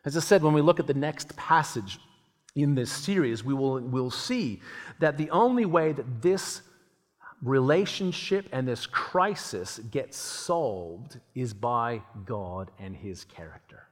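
A man preaching a sermon in a lively, conversational way, acting out the voices he quotes. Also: medium pitch, takes it slowly. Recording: long hall reverb.

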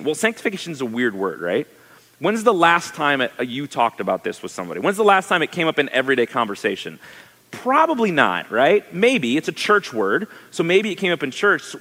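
Male pastor, sermon, lively rising and falling voice, conversational, fairly high pitch, long hall reverb. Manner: animated, conversational preaching with rhetorical questions.

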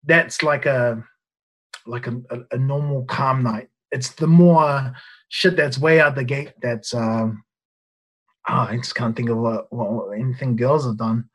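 A man's voice: mid-range voice, a little slow, slightly rough. A man, a nightclub bouncer guesting on a podcast and telling stories in a loose, rambling way, swearing often and restarting his sentences. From New Zealand. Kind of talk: casual storytelling.

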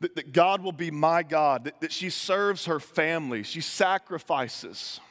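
A man's voice: on the high side, animated, unhurried, fairly bright tone. A man preaching a conversational sermon, telling the story playfully with modern asides and stammered restarts. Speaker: pastor. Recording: echoey hall with long reverb.

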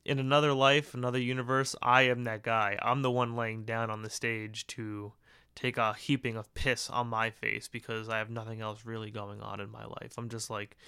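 A man hosting a podcast, ranting casually in a crude, joking, rambling way with quick voiced asides. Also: mid-range voice, little pitch movement, bright, forceful tone, clean tone, no room sound, studio quality. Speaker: podcast host. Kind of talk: casual solo podcast rant.

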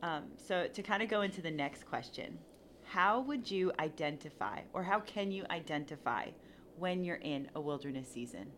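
A woman's voice: low voice, animated, normal speed, fairly bright tone, a little hiss or hum. A woman in a casual faith conversation, talking earnestly and reflectively with frequent restarts.

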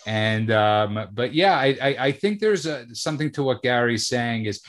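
A man co-hosts a casual podcast. He talks with halting, stammering restarts. In between he runs through friendly promo reads for the show. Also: medium pitch, animated. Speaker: podcast co-host.

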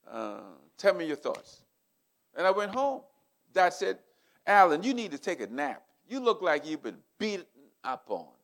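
An older man preaching a sermon, telling a personal story in an animated, emotional way. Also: fairly high pitch. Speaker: pastor.

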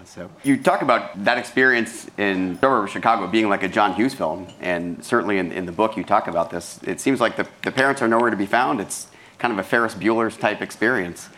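A man interviewing a guest on stage, asking measured conversational questions. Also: lowish voice, a bit bright.

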